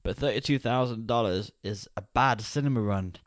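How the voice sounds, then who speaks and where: A man's voice: on the low side, normal speed, no echo, studio quality. A man in his thirties co-hosting a podcast, chatty and rambling, laughing often. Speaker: podcast co-host. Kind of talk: casual podcast chat.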